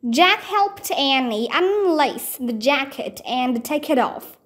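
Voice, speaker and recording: A woman's voice: expressive, slow, a bit bright. A woman with Vietnamese as her first language, reading a children's book aloud and acting out the characters' lines. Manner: acts out character lines with raised pitch. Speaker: reader.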